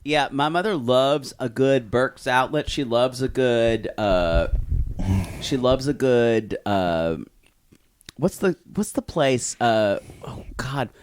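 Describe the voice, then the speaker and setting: A man co-hosts a podcast, chatting casually while swearing, gossiping, and slipping into mocking quotes. His medium-pitched voice is animated but he takes his time. There's slight background noise.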